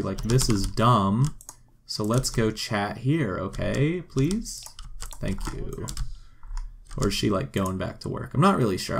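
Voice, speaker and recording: A man's voice: lowish voice, creaky, slight background noise. A man giving casual, joking gameplay commentary and talking to the game characters as he plays. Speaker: gameplay video host.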